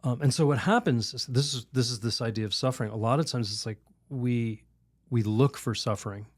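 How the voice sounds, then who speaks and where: A man, a priest on a podcast, telling a story and teaching in a lively, rambling way. He laughs often and restarts his sentences. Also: mid-range voice, fairly quick, dry recording, studio quality. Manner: animated, laughs while telling stories; rambling restarts, many "you know"s. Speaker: Catholic priest, podcast guest.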